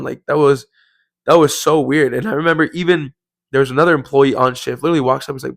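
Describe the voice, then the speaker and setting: This podcast host is a young man with a brisk, fairly bright voice on the high side, captured dry. He rambles through a story casually, throwing in "like" and "bro" constantly.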